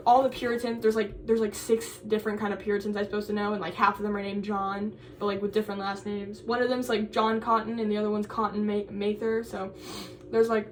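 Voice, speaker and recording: A woman's voice: a little high, distant mic, a little hiss or hum. A young woman, a college student, chatting casually in a vlog and rambling through a story with lots of "like.". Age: young adult.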